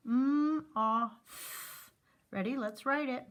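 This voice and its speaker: A woman teacher leads a phonics lesson, stretching out each letter sound slowly and clearly for young learners. Her voice sits a little high and she takes her time, with encouraging words for the class. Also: fairly bright tone. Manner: encouraging teacher talk to children.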